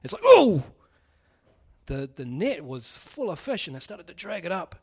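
A man's voice: on the high side, big pitch swings, moderate pace, breathy edge. A man preaching a casual sermon, joking and putting questions to the congregation. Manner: chatty, jokey, asks the audience questions.

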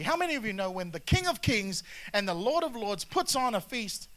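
A man delivers a lively sermon in a bright, forceful voice, pitched a little high for a man. He moves between scripture reading and animated asides, calling on the congregation to answer back. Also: brisk, hardly any pauses. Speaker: pastor.

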